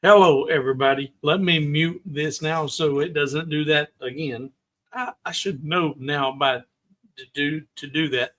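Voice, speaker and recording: A man hosting a casual live stream, talking slowly with frequent stutters and restarts. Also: a little high, steady tone, fairly bright tone. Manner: slow, deliberate delivery. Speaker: livestream host.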